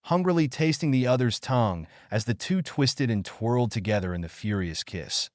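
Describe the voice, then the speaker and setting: Brief: male narrator, animated pitch, close dry recording. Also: normal speed, no room sound. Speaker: fan fiction narrator. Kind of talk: story narration.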